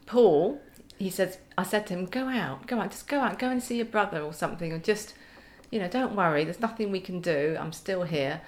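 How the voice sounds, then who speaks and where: A woman's voice: fairly low pitch, animated, a little fast, hardly any pauses. A middle-aged woman, a podcast guest telling stories in casual chat with wry humour and frequent laughter.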